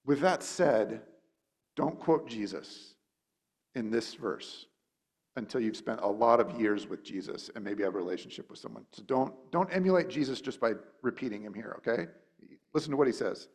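Male pastor, casual teaching sermon, informal and restless delivery, slips into animated voices for quotes. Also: normal speed, breathy edge. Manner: informal, thinks aloud with frequent "like" and restarts; acts out quotes with sudden high, animated voices. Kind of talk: conversational sermon.

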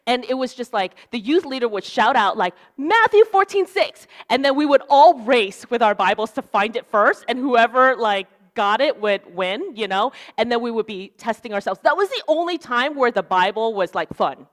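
A young woman gives a sermon in a relaxed, conversational manner. Her voice sits a little high, and she sounds earnest and sincere. She often drops in "like" and asks "right?" to keep the talk personal. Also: moderate pace, hardly any pauses. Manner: casual, earnest, fillers like "like" and "right?". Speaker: preacher.

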